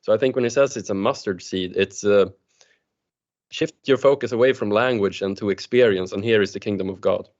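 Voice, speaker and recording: A man speaking up as a student in an online seminar, measured and a little hesitant. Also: fairly low pitch, a little mellow. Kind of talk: casual seminar discussion. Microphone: video call. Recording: lo-fi online call audio.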